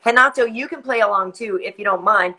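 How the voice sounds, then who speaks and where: A woman hosting a casual interview chat, upbeat and quick to affirm her guests. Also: mid-range voice, bright, forceful tone. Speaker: host.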